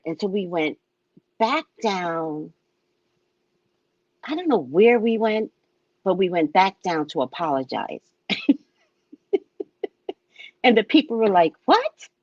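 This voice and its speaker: A woman hosting her show, casually telling a funny travel story, animated and acting out what people said, often asking "right?". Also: medium pitch, slow, long pauses, no room sound, muffled recording. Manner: animated, acts out other people's lines; frequent tag question "right?". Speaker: show host and psychic reader.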